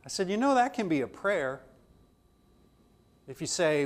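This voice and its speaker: A man's voice: high-pitched, big pitch swings, measured pace. A man teaching a theology class, talking conversationally and acting out dialogue from his own stories. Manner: conversational, acts out dialogue in anecdotes. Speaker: theology lecturer.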